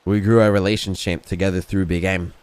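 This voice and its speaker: A man with a very low voice tells a long story in character, swearing freely and circling back with "you know what I mean." The sound is dry and close, with no room around it. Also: little pitch movement, fairly quick, darkish tone, clean tone, no room sound. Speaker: roleplay gamer. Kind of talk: in-character roleplay chat.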